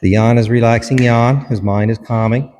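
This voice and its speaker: A man's voice: medium pitch, fairly even intonation, normal speed, mellow, long reverb tail, slight background noise. A man, a dog behaviourist, explains a hands-on dog training demonstration in short instructive steps and commands.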